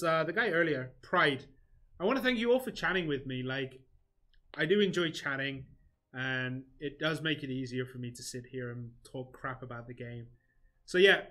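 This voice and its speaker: A man's voice: a little high, a bit bright. A man hosting a game livestream, chatting casually and answering viewers between comments on the game. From England.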